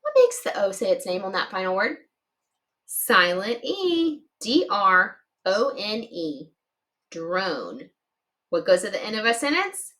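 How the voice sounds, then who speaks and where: A woman's voice: medium pitch, very animated, measured pace, bright, forceful tone. A woman teaching a children's phonics lesson, spelling words letter by letter and giving cheerful praise.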